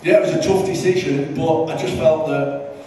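A man's voice: on the high side, fairly even intonation, moderate pace, mellow, slight background noise. A man, a former football manager, telling dry, understated anecdotes on stage at a live podcast. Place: live event venue. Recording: roomy live hall from far off.

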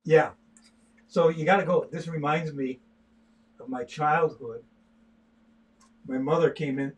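Husky older man rambling while sketching. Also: on the high side, fairly even intonation, measured pace, dull audio. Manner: rambling, stop-start with repeated words. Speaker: artist demonstrating sketching. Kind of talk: casual livestream chat while drawing.

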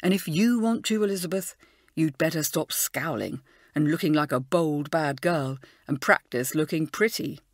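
A woman reading an audiobook, voicing a clever schoolboy who teases in an easygoing, gently mocking way. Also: low-pitched, moderate pace, no room sound, studio quality. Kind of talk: audiobook character voice.

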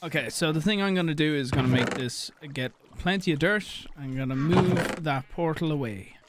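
A young Irish streamer talks loosely into his desk mic as he plays, swearing freely and thanking viewers for their donations. His voice sits a little high for a man. Mouse clicks and a steady background noise run under everything he says. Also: moderate pace. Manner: rambling, swearing, reads out donations. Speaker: live streamer. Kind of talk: casual live-stream chat while gaming.

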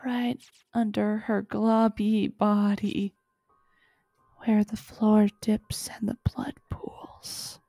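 A woman's voice: mid-range voice, level tone, very slow, gravelly, dark tone, dry recording, soft background music, exaggerated voice. A woman voicing a creepy, gleeful spirit in whispered role-play, taunting in a singsong way.

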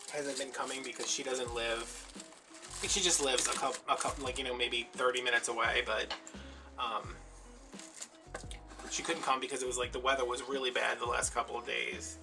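A man telling a rambling, chatty story with lots of fillers while he works on a craft project. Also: medium pitch. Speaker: craft vlogger. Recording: mic at a distance with clear background music.

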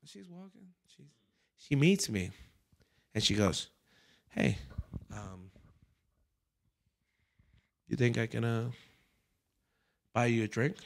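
Gravelly and mid-range, this man's voice moves slowly with frequent pauses. He's a comedian hosting a comedy podcast, telling a story casually and profanely while acting out others' quotes.

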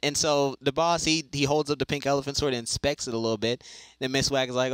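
Halting, rambling man telling a joke. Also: mid-range voice, steady tone, clear, resonant tone, no echo, poor audio. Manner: rambling, repeats words, halting restarts. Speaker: joke teller.

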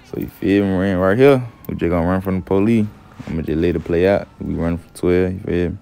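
A man's voice: low-pitched, fairly quick, gravelly, dark tone, clear, resonant tone. A young man casually narrating a game story in heavy slang, laid-back and profane, often asking "you feel me". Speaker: gameplay storyteller.

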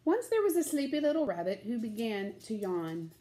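Warm, lively woman reading a children's story. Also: a little high. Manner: gentle, sing-song, slow.

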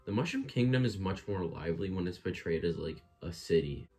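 A man's voice: deep voice, expressive, a little fast, hardly any pauses, a little mellow, breathy edge. A man giving joking, offhand commentary while playing a video game. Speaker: let's play host.

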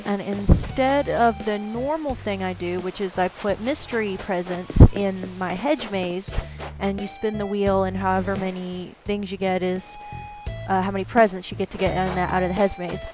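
A woman's voice: mid-range voice, fairly even intonation, moderate pace, music in the background. A woman hosting a gaming video, chatting casually and rambling upbeat while she plays. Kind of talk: casual gameplay commentary.

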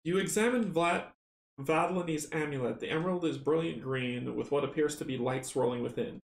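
A man casually running a board game playthrough, chatty and excitable, counting dice rolls aloud. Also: a little high, a little fast, vocal fry. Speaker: tabletop game runner and player. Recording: roomy echo, faint noise.

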